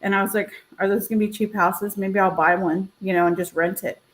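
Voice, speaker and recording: A woman's voice: medium pitch, a little fast, poor audio. Chatty woman telling a story. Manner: animated, acts out quoted voices. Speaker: realtor and co-host. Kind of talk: casual storytelling on a live stream.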